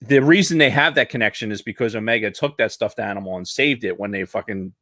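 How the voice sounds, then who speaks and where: Man, podcast co-host, casual chat, lowish voice, dry close sound, rambling and profane. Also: bright, forceful tone, no echo. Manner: rambling, profane, halting restarts.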